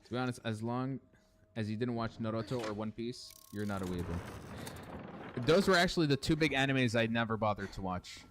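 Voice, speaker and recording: A man's voice: mid-range voice, fairly quick, slight background noise. A young man streaming a horror game, chatting casually, swearing and answering his chat. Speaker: gaming streamer. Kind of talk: casual let's-play commentary.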